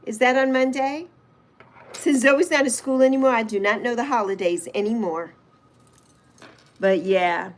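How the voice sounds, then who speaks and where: Woman in her sixties, livestream host, relaxed and chatty, a bit higher voice, talks straight to viewers. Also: normal speed, pauses often. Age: 60s. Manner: chatty, reads out and answers viewer comments; fond, reminiscing. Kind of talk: casual livestream chat.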